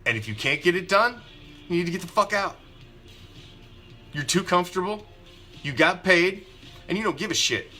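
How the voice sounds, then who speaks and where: A man's voice: high voice, lively intonation, moderate pace, long pauses, pushed and bright, soft background music. A man hosting a live fan show, ranting angrily and with heavy profanity about his team's quarterback. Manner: angry, profane, emphatic ranting with repetition. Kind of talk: ranting live sports commentary.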